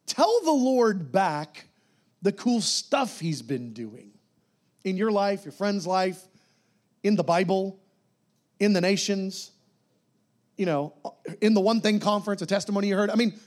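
Animated, high-voiced preacher man. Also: normal speed, long pauses. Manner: animated and conversational, drops to soft whispered prayers. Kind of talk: sermon.

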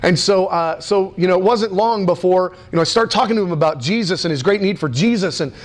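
A middle-aged American man preaching, telling a story with lots of fillers and restarts in an animated, excitable way. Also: sits high, brisk. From United States. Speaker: pastor. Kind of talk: sermon storytelling.

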